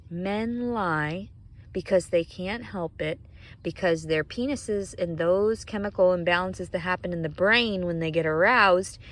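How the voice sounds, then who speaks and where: A woman's voice: lowish voice, fairly bright tone. A woman vlogger in an emotional rant, agitated, fearful and swearing often.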